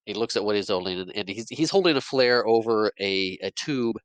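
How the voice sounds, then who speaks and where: A man's voice: on the low side, brisk, no room sound, rough recording. Man animatedly retelling a movie. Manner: animated retelling, acting out quoted lines, frequent laughs. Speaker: podcast co-host recapping a movie. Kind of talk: casual chat.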